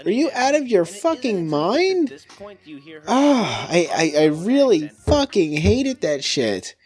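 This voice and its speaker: A man's voice: high-pitched, sing-song, slow pace, darkish tone. Profane young man ranting about games. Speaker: commentator on his own video review. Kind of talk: casual commentary.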